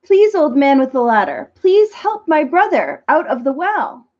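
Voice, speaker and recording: A frantic little boy gasps out his words in a high, urgent voice, as a woman reads him aloud. He pants and pleads, earnest and desperate. The recording sounds dull and lo-fi. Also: big pitch swings, unhurried, a little mellow. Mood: pleading. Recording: muffled lo-fi recording.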